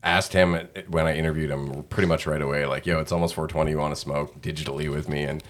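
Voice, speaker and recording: A male podcast host with a very low voice. He chats in a relaxed, easygoing way and throws out playful questions to his guest. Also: fast talker, a little hiss or hum. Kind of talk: casual podcast chat.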